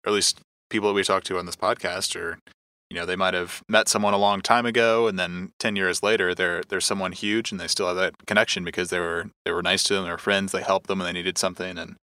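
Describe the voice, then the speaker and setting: A man hosting a podcast who asks his guest questions in a measured way with some fillers. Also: low-pitched, steady tone, bright, forceful tone, no echo. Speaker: podcast host. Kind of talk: interview questions.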